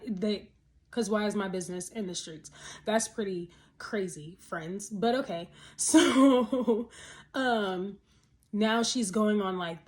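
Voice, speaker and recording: Chatty woman recapping a TV episode. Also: mid-range voice. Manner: animated, chatty, laughs often, rhetorical questions. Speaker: TV episode reviewer. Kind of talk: casual spoken episode recap.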